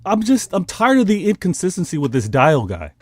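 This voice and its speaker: A man's voice: high-pitched, wildly swooping pitch, a little fast, no room sound, clean studio sound. A man on a football podcast panel, arguing heatedly and pleading for his turn to speak.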